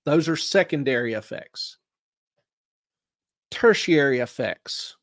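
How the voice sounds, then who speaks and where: A man's voice: a little high, lively intonation, slow, no echo, studio quality. A man hosting a money show, explaining investing in a folksy way by asking questions and answering them himself. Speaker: show host, investment adviser. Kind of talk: explaining investing in a studio chat.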